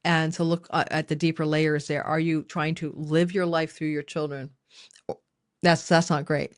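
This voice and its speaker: A woman's voice: low voice, level tone, moderate pace, no room sound, clean studio sound. A middle-aged woman giving a spoken astrology lesson, talking straight to her viewers with casual asides. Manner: conversational, addresses viewers directly with asides. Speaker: astrology teacher.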